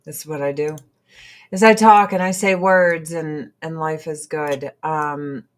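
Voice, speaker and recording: A woman's voice: sits low, fairly even intonation, a little slow. A middle-aged woman chatting casually to camera as a vlogger, laughing often.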